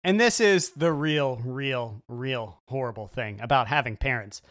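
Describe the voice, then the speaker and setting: A man rants with dark, sardonic humor on a comedy podcast and swears freely. His pitch sits mid-range, and the recording is dry and close. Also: measured pace, no echo. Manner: profane, darkly sardonic. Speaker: podcast co-host. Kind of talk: casual comedic rant.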